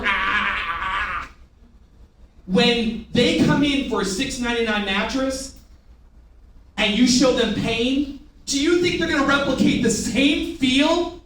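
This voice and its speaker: A man running a live sales training, firing rhetorical questions and getting the room to repeat after him. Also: very high voice. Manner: energetic, rhetorical questions, call-and-response with the room. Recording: echoey room from far off, faint noise.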